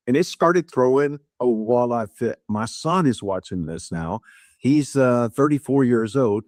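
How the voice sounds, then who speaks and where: A middle-aged man spins a dramatic story as a podcast guest, slipping in and out of quoted dialogue with changes in tone. His voice sits at an ordinary pitch for a man and comes across dry and close to the mic. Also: moderate pace, dry recording. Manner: animated retelling, acts out dialogue with shifts in tone. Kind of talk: storytelling in a casual interview.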